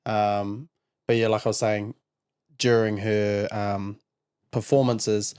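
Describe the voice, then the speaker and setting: NZ bloke hosting a podcast, lowish voice, earnest storyteller. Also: male voice, flat delivery, slow pace, a little mellow, smooth. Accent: New Zealand. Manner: earnest, storytelling, many fillers. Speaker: podcast host. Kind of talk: casual chat.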